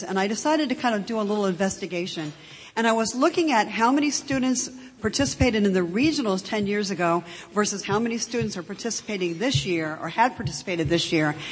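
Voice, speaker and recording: A woman's voice: mid-range voice, husky. A woman on an advisory committee speaking from a stage to an audience in a large hall, enthusiastic. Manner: warm, enthusiastic. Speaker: advisory committee member presenting awards. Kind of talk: prepared stage remarks. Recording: reverberant hall sound.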